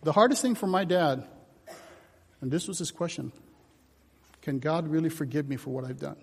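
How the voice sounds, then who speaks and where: A man preaching a sermon, telling personal stories with acted-out dialogue, moving from loud shouts to hushed whispers. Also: on the high side, normal speed, pauses often, husky. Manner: animated storytelling, shifts from shouts to hushed whispers. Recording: long hall reverb.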